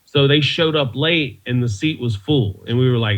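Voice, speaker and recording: Heard over a muffled video call, a comedian guesting on a podcast spins rambling stories and laughs at his own material in a casual interview. He keeps a moderate pace with few pauses, in a mid-range voice.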